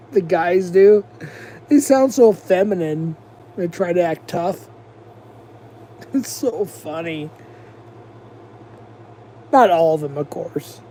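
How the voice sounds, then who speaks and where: A man's voice: high voice, expressive, slow pace, pauses often, mellow, slight background noise. An American man hosting a livestream, rambling and mocking in a profane, casual rant. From United States. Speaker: livestream host.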